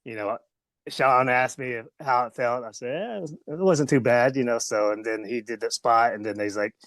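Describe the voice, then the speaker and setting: A man's voice: mid-range voice, normal speed, fairly bright tone, no echo. A man telling a rambling story in a casual interview, laughing often between lines. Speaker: interview guest, pro wrestler.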